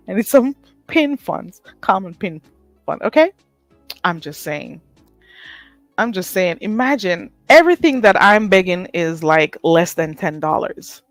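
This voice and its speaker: A woman's voice: mid-range voice, lively intonation, unhurried, a bit bright, no echo, soft background music. A woman hosting a casual live stream, blunt and sassy, laughing often. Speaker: livestream host.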